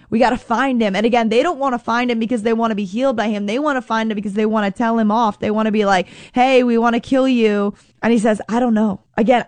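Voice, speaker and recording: A woman's voice: mid-range voice, darkish tone, dry recording. A woman giving an earnest faith reflection, repeating lines and acting out quotes in her own voice. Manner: earnest, repetitive, acts out quotes. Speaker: Catholic speaker.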